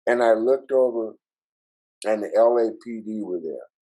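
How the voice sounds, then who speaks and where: Here the older musician guest from Minnesota rambles through a casual anecdote, cursing freely and tacking "right?" onto his lines. He speaks at a moderate pace in a lowish, mellow voice. The recording is of poor quality.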